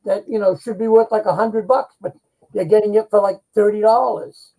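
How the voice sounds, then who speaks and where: High, gravelly man giving folksy advice. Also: fairly even intonation, moderate pace, mellow, rough recording. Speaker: co-host. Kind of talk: casual live-stream chat.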